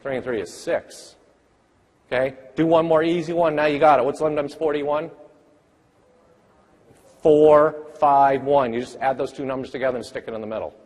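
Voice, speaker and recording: A man presenting a math teaching workshop, energetically firing quick questions at the audience. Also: on the high side. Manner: energetic, rapid-fire quizzing of the audience. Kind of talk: interactive conference workshop talk. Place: large conference hall. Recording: long hall reverb.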